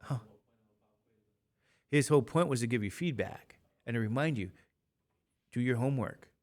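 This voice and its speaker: A man's voice: medium pitch, expressive, normal speed, darkish tone. A man in his fifties, a math teacher talking casually and rambling to his class between examples. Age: 50s. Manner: chatty, rambling, jokey asides to students.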